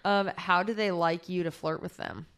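A woman's voice: lowish voice, steady tone, normal speed, a bit bright. A woman co-hosting a podcast in playful casual chat, laughing and swearing easily. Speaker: podcast co-host.

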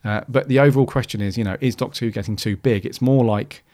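A man's voice: medium pitch, fast, a little mellow. A man hosting a podcast, talking casually and rambling with many restarts and fillers. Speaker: podcast host.

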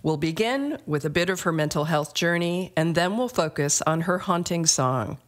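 A woman co-hosting a podcast, giving a measured, earnest scripted introduction. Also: on the low side, expressive. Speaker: podcast co-host.

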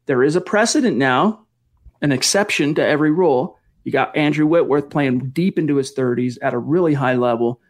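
A man hosts a casual live-stream podcast, his voice sitting a little high for a man. He talks with steady energy as he reads out viewer comments and thanks donors one by one. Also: brisk. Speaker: podcast host.

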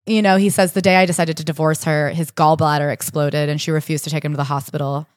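Female podcast co-host, fast and animated retelling, slightly low voice, dry booth sound. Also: no echo. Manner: animated storytelling, acts out quotes with rising indignation. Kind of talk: casual book discussion.

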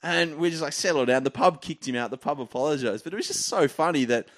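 A man with an Australian accent, a comedian telling stories with loud, animated delivery. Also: medium pitch, quick pace, no echo, studio quality. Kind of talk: comedy podcast storytelling.

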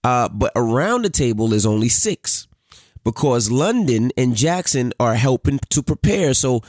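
A man's voice: mid-range voice, very animated, a little slow, a little mellow, no room sound, clean studio sound. A man co-hosting a podcast, casually telling a family story and swearing freely. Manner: storytelling, acts out quoted dialogue, swears freely. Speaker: podcast co-host. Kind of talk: casual chat.

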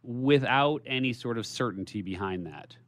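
A man's voice: mid-range voice, expressive, normal speed, dry recording. A man co-hosting a business podcast, asking probing questions and thinking aloud with restarts. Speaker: podcast co-host.

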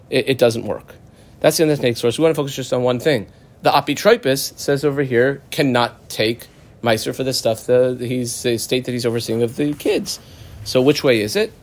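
A man teaches a Talmud class at a middle pitch. He explains each line in a relaxed, conversational way, tossing in quick everyday asides.

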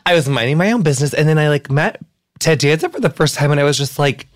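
Brief: male podcast host, fast, gushing and rambling, dry close sound. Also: on the high side, lively intonation, no echo. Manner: gushing, rambling with many fillers. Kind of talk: casual chat.

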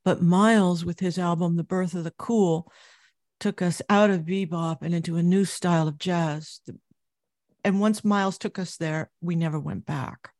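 A middle-aged woman recounting memories as an interview guest, telling her story vividly and growing animated at its high points. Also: moderate pace, no echo, studio quality.

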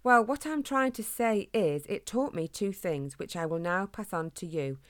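A woman's voice: medium pitch, lively intonation, normal speed, no room sound, clean studio sound, lightly acted. A woman voicing a kindly father hedgehog who tells old stories in a chatty, folksy way. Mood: fond.

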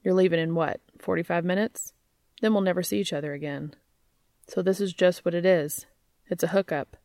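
A woman reading aloud, voicing an eager, joking grown man who talks fast. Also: on the low side, fairly even intonation, darkish tone, no room sound, clean studio sound, natural voice. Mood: flustered. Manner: quick, joking, talkative.

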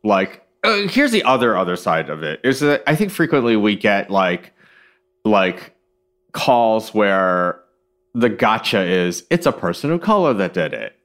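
A man co-hosting a podcast, his voice sitting low but swinging up and down with lively, animated intonation. He talks things through in a thoughtful, hedging way, wandering into side points before landing on his idea, recorded on a close studio microphone. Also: a little slow. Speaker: podcast co-host. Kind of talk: casual podcast discussion.

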